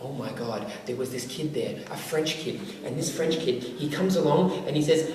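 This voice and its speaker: Brief: woman storyteller, animated comic tale, lowish voice, echoey hall from far off. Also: moderate pace, few pauses. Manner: animated, acting out every character.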